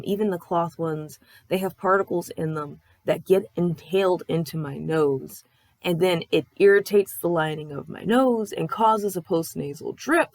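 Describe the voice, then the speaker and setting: A woman's voice: on the low side, dry recording. A young woman vlogger giving a candid, rambling life update, swearing freely and acting out other people's lines. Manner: acts out other people's lines in quoted voices. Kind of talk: casual life-update chat.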